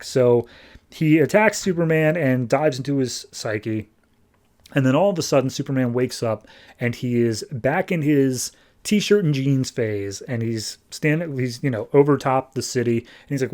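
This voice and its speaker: A man's voice: medium pitch, normal speed, a little mellow. A man hosting a podcast, chatting casually as he recaps a comic book. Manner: chatty, conversational. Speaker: podcast host.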